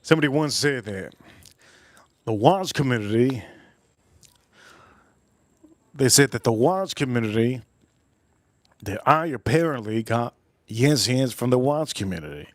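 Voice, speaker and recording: A man's voice: mid-range voice, animated, normal speed, pauses often, no echo. A man hosting a casual cooking and whiskey livestream, rambling playfully and repeating catchphrases. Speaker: livestream host.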